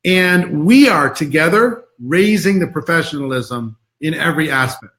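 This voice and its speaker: A man's voice: fairly high pitch, expressive, moderate pace, a bit bright. A middle-aged man with an American accent, a guest on a live stream over a video call, speaking in an earnest, encouraging way and repeating words as he searches for them. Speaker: interview guest. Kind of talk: motivational talk on a live stream.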